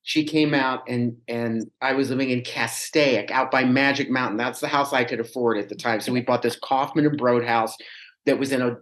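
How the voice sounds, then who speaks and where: A man's voice: medium pitch, normal speed. Chatty man telling a story. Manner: animated, chatty, rambling with restarts. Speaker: podcast guest. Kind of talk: casual storytelling chat.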